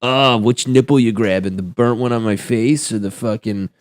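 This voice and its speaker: A man's voice: medium pitch, steady tone, normal speed, no room sound, studio quality, close to an everyday voice. A man voicing a crude, brash woman who manages a bar, in a comedy bit. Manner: lewd, brash.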